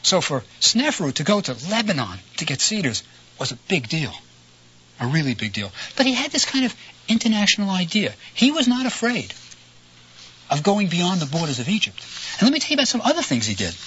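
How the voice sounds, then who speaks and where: Animated, bright-voiced male lecturer. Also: high-pitched, a little fast, slightly rough. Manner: animated, conversational, frequent "right?" asides. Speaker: lecturer on ancient history. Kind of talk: storytelling lecture. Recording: slightly dull lo-fi recording with faint noise.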